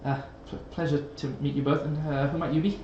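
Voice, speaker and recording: A man's voice: level tone, fast talker, darkish tone, echoey room, lo-fi sound, slight background noise, lightly acted. A man voicing a nervous bearded wizard who stammers and apologizes. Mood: flustered. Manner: stammering, apologetic, high and fluttery.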